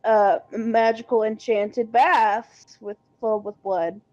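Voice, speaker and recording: A woman player in a casual tabletop role-play game, talking in an animated, giggly way and stumbling over her words. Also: a little high, slow, lo-fi sound.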